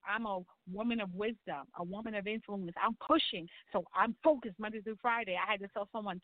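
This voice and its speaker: A middle-aged woman, telling her life story as a talk show guest in an animated way, acting out voices and crying out to the Lord. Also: medium pitch, a little fast, few pauses, no echo. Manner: animated storytelling, acts out quotes, churchy exclamations. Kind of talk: personal testimony in a talk show. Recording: tinny phone-line sound.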